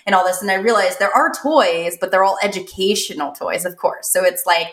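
A woman in her thirties, co-hosting a podcast, telling stories in a casual, animated way and laughing often. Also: mid-range voice, a little fast, roomy sound. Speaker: podcast co-host. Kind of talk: casual chat.

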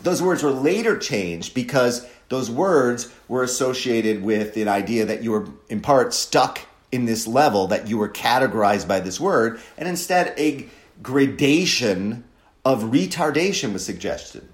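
Man, sardonic monologue, mid-pitched, mocking, echoey room. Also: animated, unhurried. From Wisconsin, USA. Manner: sardonic, mocking, mimics voices for emphasis. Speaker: commentator. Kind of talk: opinionated monologue. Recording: roomy echo.

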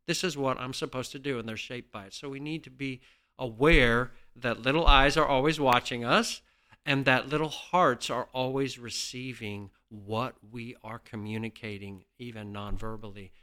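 A man's voice: medium pitch, fairly even intonation, normal speed, pushed and bright, smooth. A middle-aged man guest explaining a parenting principle in an earnest, instructive way. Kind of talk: teaching in conversation.

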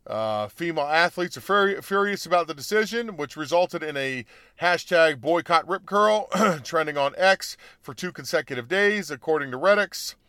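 A man with a high-pitched voice delivers ranting political commentary, heated and mocking. He stumbles, restarts and bursts into loud emphatic peaks. The sound is dry and close, with no room around it. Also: expressive, moderate pace, clean tone, dry recording. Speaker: commentary show host.

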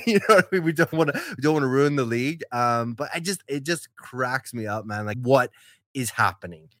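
A man telling a podcast story in a loose, chatty way, with plenty of fillers along the way. His pitch swings widely as he gets worked up. The sound is dry and close, with no room echo. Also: brisk. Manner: rambling and animated, with many fillers and laughs. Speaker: podcast host. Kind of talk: casual storytelling chat.

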